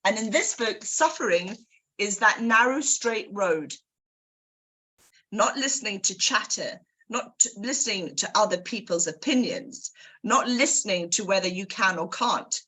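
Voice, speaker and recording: A woman hosting a book club, giving an energetic motivational talk straight to her listeners. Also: mid-range voice, a little slow, husky. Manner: energetic, addresses listeners directly.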